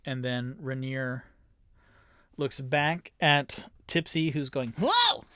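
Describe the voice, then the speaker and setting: A man's voice: medium pitch, steady tone, takes it slowly, a bit bright, clean tone, dry recording. A man narrating a tabletop game alone as game master and player, rambling with many fillers and bursting into groans of dread. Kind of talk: solo tabletop actual-play narration.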